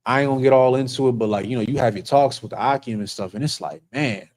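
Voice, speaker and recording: A man's voice: mid-range voice, fast talker, darkish tone, rough recording. A man who serves as an officer of a religious group, telling stories in a casual, earnest way. He rambles and restarts often. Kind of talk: casual storytelling.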